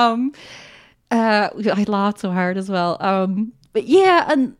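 Woman podcast co-host, gushing and chatty, mid-pitched, laughs often while talking films. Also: animated, slow pace, smooth. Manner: chatty and enthusiastic, laughs often, many fillers. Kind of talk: casual film discussion.

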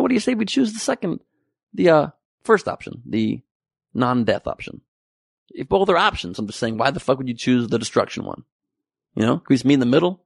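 A male comedian works through a sarcastic, profane stand-up routine, rambling from point to point. His voice has a gravelly edge at a mid pitch. The sound is dry and close, with little room tone. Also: no echo.

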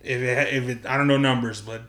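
A man's voice: medium pitch, fairly even intonation, brisk, fairly bright tone, reverberant. A man co-hosting a casual podcast, blunt, opinionated and swearing freely. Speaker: podcast co-host.

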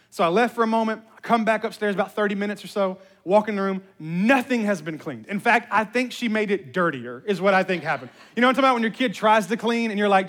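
A man in his thirties preaching a sermon, telling a family story with acted-out voices and building to loud, emphatic passages. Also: sits high, quick pace. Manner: animated storytelling, acts out voices, rising to shouts. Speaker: pastor.

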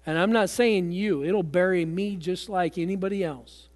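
A man's voice: high-pitched, normal speed, in a large hall. A man preaching a sermon as pastor, talking in a conversational way with fillers and repeated words.

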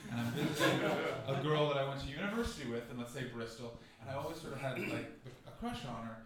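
A young Canadian man from Ontario hosting a live comedy podcast, rambling and self-mocking, breaking into shouted impressions. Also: medium pitch, expressive, quick pace, recorded from a distance. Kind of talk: live stand-up storytelling. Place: small black-box theatre with a live audience. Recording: echoey theatre from off-mic with crowd laughter.

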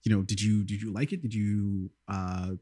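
A man hosts a podcast in loose, rambling film chat, with plenty of ums and the odd curse. His voice sits low. It sounds close and dry, with little room around it. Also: steady tone, normal speed, dark tone, husky, no echo. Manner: rambling, full of ums, casual swearing. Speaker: podcast host.

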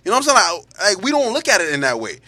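A man hosting a podcast, loud and animated, talking with his hands and cursing freely in casual chat. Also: high-pitched, very fast. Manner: loud, animated, profane, laughs often. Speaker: podcast host.

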